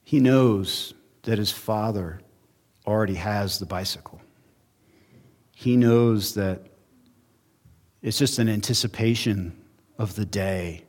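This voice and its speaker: A male pastor preaching a sermon in a church, earnest, with emphatic rises and quiet drops. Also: on the low side, slow pace, long pauses. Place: church sanctuary.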